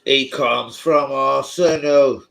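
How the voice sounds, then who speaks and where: A young man hosting a live football watch-along, excitable, swearing and shouting out his viewers by name. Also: medium pitch, slow pace, gravelly, rough recording. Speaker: football fan channel host.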